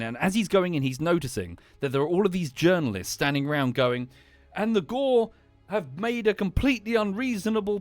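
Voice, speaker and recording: A man's voice: mid-range voice, no room sound. A young British man giving casual, rambling commentary as a streamer, full of restarts and fillers. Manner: animated, with many restarts and fillers.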